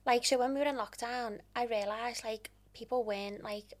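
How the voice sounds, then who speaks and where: A young woman with a Liverpool accent, a guest telling stories in a chatty, animated way with local slang. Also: on the high side, normal speed. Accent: Liverpool (Scouse). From Liverpool, England. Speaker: interior stylist guest. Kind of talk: casual podcast interview.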